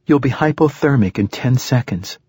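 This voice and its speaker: A man reading aloud voices a young girl who speaks flatly and questions everything. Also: medium pitch, normal speed, slightly rough, no room sound, clean studio sound, pitched above the performer's own voice. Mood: doubting. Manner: flat, skeptical questioning. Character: young girl, doubting and blunt.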